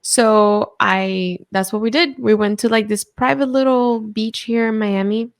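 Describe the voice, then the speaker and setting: A woman's voice: on the high side, steady tone, measured pace. Cosplayer guest, woman with a Russian accent, bubbly, laughs easily, casual chat. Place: Miami.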